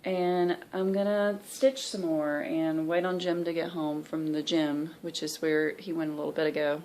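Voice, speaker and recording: A woman's voice: low-pitched, level tone, moderate pace, darkish tone, slight background noise. A woman in her thirties with a Southern US accent, chatting candidly and rambling in a stitching vlog, sounding tired. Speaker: cross-stitch vlogger. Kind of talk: casual chat.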